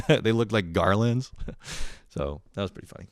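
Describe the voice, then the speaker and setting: A young man from Canada talks solo for his podcast, rambling loosely and swearing freely. His voice sits low and deep. The recording is dry and close, with no room sound. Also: a little fast, smooth, dry recording. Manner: profane, rambling, laughing often. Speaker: podcast host. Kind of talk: casual monologue.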